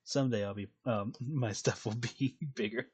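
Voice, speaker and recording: A man's voice: medium pitch, steady tone, normal speed, darkish tone, slightly rough. Guy rambling on an art stream, swears a lot, laughs at his own jokes, average voice. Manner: profane, laughs often. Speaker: streaming artist. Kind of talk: rambling casual chat while drawing.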